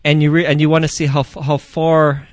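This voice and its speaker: A man's voice: on the high side, little pitch movement, a little fast, no echo, clean studio sound. A man, a film producer being interviewed, who rambles and repeats words while he searches for them. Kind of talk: casual interview chat.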